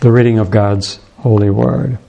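A male pastor preaching a sermon and reading scripture aloud in a measured, deliberate way. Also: fairly low pitch, fairly even intonation, vocal fry, dark tone.

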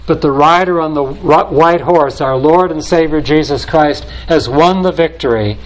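A man preaching a sermon in a slow, deliberate way, building solemn repeated phrases. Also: on the high side, poor audio.

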